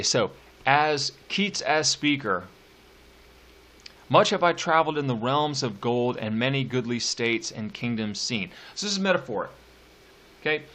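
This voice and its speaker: A man teaching a recorded poetry lecture at a very unhurried pace, with a mid-range voice. He stretches out the stressed words of each line he reads, then slips into loose, chatty asides. He sounds like a teacher walking students through a text. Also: medium pitch, sharp tone. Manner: reads verse slowly with drawn-out stresses, casual asides between.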